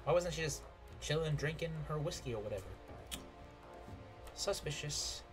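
A man's voice: on the high side, normal speed. A man giving casual, jokey let's play commentary, exclaiming at the action. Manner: excitable, jokey, yelps at hits. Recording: game music loud behind voice.

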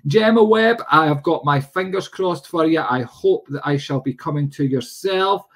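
A man's voice: a little high, normal speed. A man hosting a live psychic stream, chatting and greeting viewers by name. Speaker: psychic medium host. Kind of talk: livestream chat.

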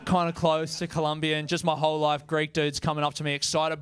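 A man's voice: on the high side, level tone, moderate pace, fairly bright tone, smooth. Australian man doing casual stand-up. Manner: casual, swearing, self-mocking, laughs into lines. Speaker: stand-up comedian. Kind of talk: stand-up comedy set. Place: comedy venue stage.

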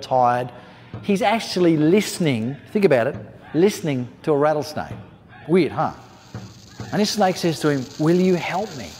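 A man's voice: fairly high pitch, darkish tone. A man telling a parable in an educational talk, emphatic and conversational. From Australia. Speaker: storyteller, speaker. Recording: long hall reverb, faint music.

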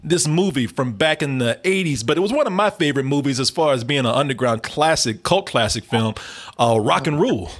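A man's voice: mid-range voice, expressive, fairly quick. A man hosting an interview, chatting eagerly like a fan. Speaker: interview host. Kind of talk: casual interview chat.

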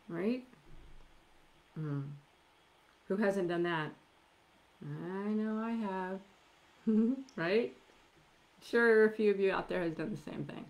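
Slow, low-voiced middle-aged woman preaching. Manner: emphatic, with slow drawn-out stresses and soft near-whispered asides. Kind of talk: sermon.

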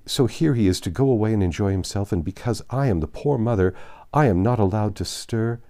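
A man's voice: deep voice, dark tone, full character voice. A man reading a classic novel aloud, voicing a fretful, self-pitying young mother who complains easily. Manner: complaining, quick to whine.

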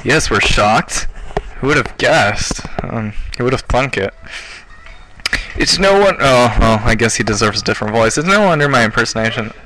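A young man casually commenting on a game as he plays, joking and relaxed. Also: mid-range voice, moderate pace, poor audio. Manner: relaxed, joking, self-deprecating. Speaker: let's play host.

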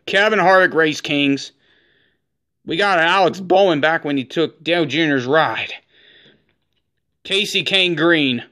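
A man in his forties with a bright, forceful voice that sits a little high, talking through a trading-card opening. He reels off names in quick lists and gets worked up, saying he is shaking. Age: 40s. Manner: rattles off names in a running list; excitable, says he is shaking. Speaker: card collector opening packs. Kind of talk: casual unboxing commentary.

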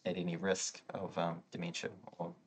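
A man, hosting a podcast in a relaxed conversation. He agrees readily and laughs along with his guest. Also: low-pitched, moderate pace, slight background noise. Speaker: podcast host. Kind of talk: casual conversation.

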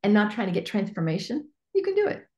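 A woman business coach teaching a workshop in a chatty, animated way with lots of fillers. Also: mid-range voice, fast. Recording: echoey room.

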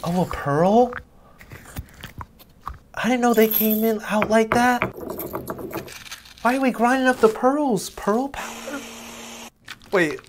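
A young man hosting a reaction video, talking casually with slang and quick exclamations. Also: extremely high pitch, noisy background.

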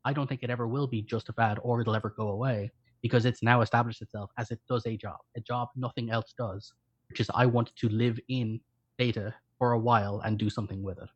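A man with an Irish accent, co-hosting a live stream in quick, rapid-fire casual chat. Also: mid-range voice, fairly even intonation. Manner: rapid-fire, self-described fast talker. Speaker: co-host. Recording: dull lo-fi stream audio.

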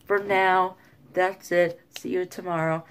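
A woman talking casually in a vlog, hesitant and filling pauses with ums, a little self-deprecating. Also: lowish voice, level tone, heavy background noise. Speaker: vlogger.

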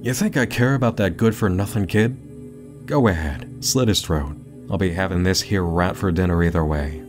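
Deep and gruff, this is a scheming sea captain from a read-aloud adventure story, put on by a man. He talks slowly and slyly with a quiet menace. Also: over music, lightly acted.

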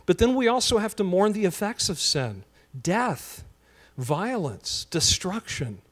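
A man's voice: sits high, sing-song, a little slow, fairly bright tone. A man preaching a sermon as pastor in a church, earnest and repetitive, often stumbling over restarts. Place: church sanctuary.

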